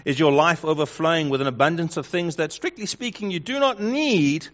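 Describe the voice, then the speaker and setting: Guy preaching a sermon, firing off rhetorical questions, goes loud then quiet, kinda dull lo-fi audio. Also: high-pitched. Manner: emphatic, rhetorical questions, swings between loud and hushed. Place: church hall with congregation. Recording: dull lo-fi sound.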